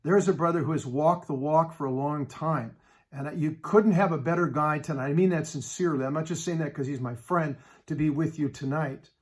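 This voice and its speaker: Middle-aged male preacher, storyteller building to an urgent call, slightly high voice. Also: a little fast. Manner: animated storytelling, rising to exhortation. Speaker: speaker at a Catholic men's event.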